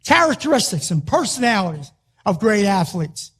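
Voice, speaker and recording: Punchy high-voiced Philly coach. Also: male voice, big pitch swings, moderate pace, a bit bright, breathy edge. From Philadelphia, US. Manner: emphatic, punchy, repeats short phrases. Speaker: wrestling coach. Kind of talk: motivational speech.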